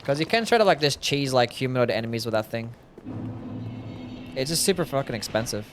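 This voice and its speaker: A man's voice: medium pitch, expressive, brisk, soft background music. Rambling man streaming a game. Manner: rambling, many "like" fillers, reading and answering chat. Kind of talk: casual live-stream chat while gaming. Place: home desk.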